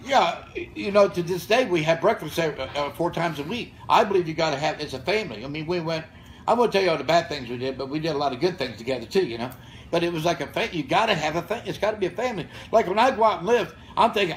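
A man's voice: a little high, lively intonation, fast, slight background noise, poor audio. Blunt, fired-up older man telling stories. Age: 60s. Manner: blunt, profane, fired-up storytelling. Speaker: podcast guest and gym founder. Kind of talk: casual podcast storytelling. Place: gym or studio with room ambience.

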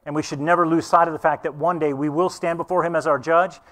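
A middle-aged man preaching a sermon as pastor, animated and acting out voices in his stories. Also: fairly high pitch, fast.

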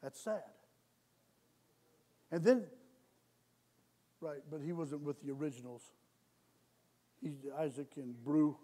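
A man with a notably high voice delivers a sermon in a church, circling back on his phrases and asking the room for amens. He starts conversational, then drives his points home louder and harder. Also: expressive, slow, long pauses. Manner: repetitive, calls for amens, builds to loud exhortation. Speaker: lay preacher. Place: church sanctuary.

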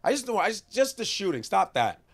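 A man, a comedian, chatting casually in an interview, profane and animated. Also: high-pitched, brisk, gravelly. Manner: profane, animated, slips into impressions.

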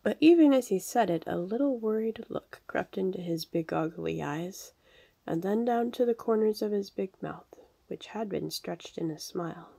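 Husky-voiced woman reading a storybook. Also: mid-range voice, expressive, moderate pace, dark tone. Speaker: reader. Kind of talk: storybook narration.

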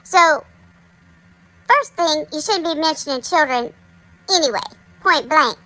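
A woman hosts a casual commentary monologue in a high, bright voice. She is chatty and speaks straight to her viewers. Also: animated, a little slow, poor audio. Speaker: commentary channel host.

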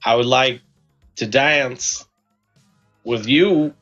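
Man putting on a drawn-out celebrity impression, bright tone, faint music behind. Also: mid-range voice, dull audio. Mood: deadpan. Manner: slow, drawn-out pauses between words. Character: halting, oddly phrased male film star impression.

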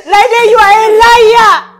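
A woman playing a proud, self-righteous young woman who mocks and shouts, in a film drama. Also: very high-pitched, steady tone, takes it slowly. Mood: scornful. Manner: mocking, shouting, preachy. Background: music.

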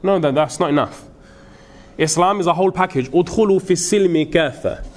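Speaking at normal speed in a somewhat high voice, this madrasa teacher lectures earnestly and emphatically, sermon-style. He alternates English with Urdu and weaves in Arabic phrases.

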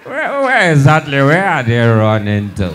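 A young Nigerian man doing stand-up comedy, mixing Pidgin and English and shouting his punchlines. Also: medium pitch, huge pitch swings, normal speed, a crowd in the background, noisy background.

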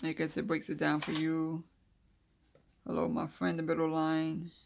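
Eine gravelly, slightly rough voice leads a relaxed calligraphy lesson. The host reads from notes, then drifts into loose, chatty asides and quiet mumbling while drawing letters. The delivery stays unhurried and homespun throughout. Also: medium pitch, slight background noise. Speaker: craft video host. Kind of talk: casual calligraphy tutorial.

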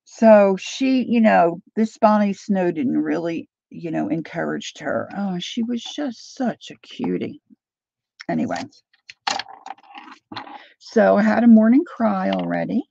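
A middle-aged woman hosting a crafting livestream, chatting warmly to viewers while she works. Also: fairly low pitch, vocal fry, no room sound, muffled recording.

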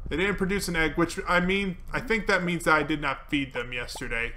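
Chatty gamer guy, bright forward tone, talks to himself and viewers. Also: a little high, expressive, normal speed, few pauses, a little hiss or hum. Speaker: gaming video host. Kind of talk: let's play commentary.

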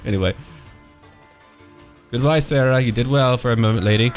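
A man's voice: normal speed, pauses often, faint music behind. A man commenting while he plays a video game, playful and joking, slipping into mock-pompous old-fashioned phrasing and yelping with laughter. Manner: playful, jumps to high silly exclamations and laughs. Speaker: gameplay commentator. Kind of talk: let's-play commentary.

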